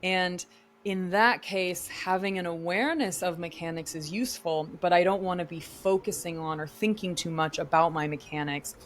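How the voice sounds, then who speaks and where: A woman's voice: on the low side, fairly even intonation, moderate pace. A woman who works as an actor and vocal coach, answering podcast interview questions in an articulate, explanatory teaching tone.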